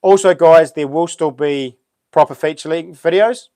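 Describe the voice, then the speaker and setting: A man's voice: fairly high pitch, normal speed, warm tone, no echo, studio quality. A man with a New Zealand accent hosting a casual live stream, chatting in a laid-back, rambling way with plenty of ums.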